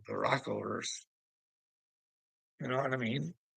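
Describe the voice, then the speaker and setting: Guy ranting at somebody online, gravelly bright voice, mocking laughs, goes loud then mutters, dry close mic. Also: measured pace, no room sound, poor audio. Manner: taunting, preachy, laughing mockingly, swearing; swings between loud outbursts and low mutters. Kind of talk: ranting monologue to a rival streamer.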